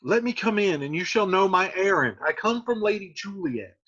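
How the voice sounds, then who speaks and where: Dude putting on a fussy old nurse lady, high and sing-song, lo-fi. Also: animated, normal speed, fairly bright tone. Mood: pleading. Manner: fussing, repetitive pleading. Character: fussy, wailing older female nurse. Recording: dull lo-fi recording.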